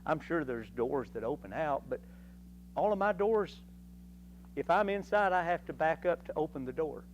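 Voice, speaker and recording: A man's voice: fairly high pitch, normal speed, highs cut off, a little hiss or hum. Folksy man teaching Bible class. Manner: folksy and animated, acting out voices. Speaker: Sunday school teacher. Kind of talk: Bible lesson. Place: church classroom.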